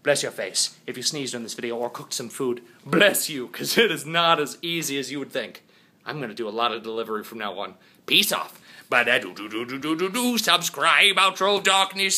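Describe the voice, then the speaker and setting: A young man in his twenties chatting casually in a vlog, rambling and laughing often, with sudden loud high jumps in his voice. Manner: excitable, jumps high and loud when calling his dog. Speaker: vlogger.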